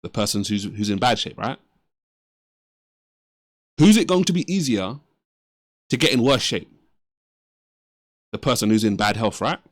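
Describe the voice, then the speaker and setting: A man's voice: on the low side, expressive, measured pace, pauses often, dry recording. A man hosting a reaction video, giving earnest, preacher-like commentary and asking and answering his own questions. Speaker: reaction channel host.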